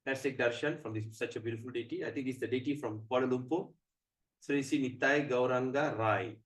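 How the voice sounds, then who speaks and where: A man giving a storytelling sermon at a temple, animated and asking the audience questions. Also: mid-range voice, fairly quick, roomy sound. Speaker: temple speaker.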